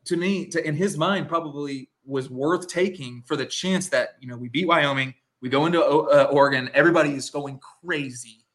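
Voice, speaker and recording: Male sports-podcast co-host, slightly high, casual, rambling, filler-heavy. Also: fairly bright tone. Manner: rambling, heavy use of "like", restarts mid-sentence.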